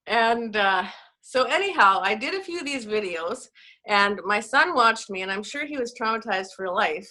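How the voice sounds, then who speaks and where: A woman's voice: fairly high pitch, animated, moderate pace, pushed and bright. A Canadian woman, a network marketing coach, telling self-mocking stories in a casual chat on a video call. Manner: chatty, self-mocking storyteller.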